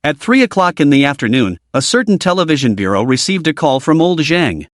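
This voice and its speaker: A man's voice: fairly high pitch, very animated, a little fast, dry recording, clean studio sound. A man narrating a comic story recap in dramatic storytelling style.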